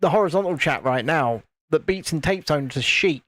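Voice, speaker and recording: A man's voice: fairly high pitch, lively intonation, normal speed, fairly bright tone, dry recording. A British man co-hosting a live stream, chatting casually and teasing with jokes. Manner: teasing, joking. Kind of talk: casual chat.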